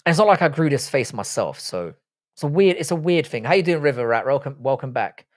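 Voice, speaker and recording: A young man with a British accent chats loosely on a livestream, his voice sitting at an ordinary middle pitch. He is blunt and sweary but relaxed as he reads out viewer comments. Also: a little fast. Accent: British English. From England. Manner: blunt, sweary, laid-back banter. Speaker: livestream host. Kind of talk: casual live chat reading viewer comments.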